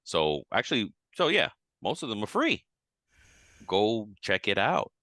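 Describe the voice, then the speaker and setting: A man co-hosting a podcast, chatting casually and animatedly, his voice leaping high when he acts out his own reactions. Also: unhurried, no echo. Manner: animated, jumps to high pitch when quoting himself. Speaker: podcast co-host.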